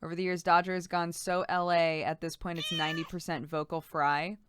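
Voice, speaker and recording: A woman's voice: lowish voice, little pitch movement, a little fast, a bit bright, smooth, no echo, studio quality. A woman streamer chatting casually, giggling and thanking subscribers by name. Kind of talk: casual live-stream chat.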